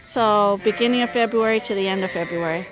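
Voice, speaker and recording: A woman's voice: medium pitch, brisk. A woman sheep farmer chatting casually as she explains her animals, with fillers and restarts. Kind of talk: casual farm vlog narration. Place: outdoors and in a barn among sheep. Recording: clear farm noise behind. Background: bleating sheep.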